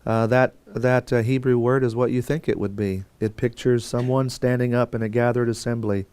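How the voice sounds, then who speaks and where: A man's voice: mid-range voice, steady tone, moderate pace, darkish tone, clear, resonant tone. A man teaching a Bible course in a conversational lecture style, with fillers and restarts and quotes acted out. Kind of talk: classroom lecture.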